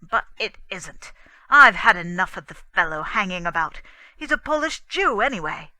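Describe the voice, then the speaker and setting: An indignant, angry young English husband, as a woman reader puts him on, raising his voice in a loud, shouting storybook delivery. The tone is bright and the sound dry. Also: medium pitch, sing-song, slow, no echo, full character voice, rough recording. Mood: furious.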